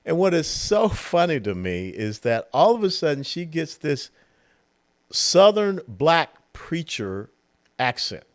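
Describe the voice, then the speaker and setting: An older man in his sixties delivers a solo political commentary. His pitch swings widely as he talks, rising and dropping for emphasis. He sounds mocking and keeps breaking into short impressions of the people he criticizes. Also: slow. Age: 60s. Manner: animated, mocking, mimics others in quotes.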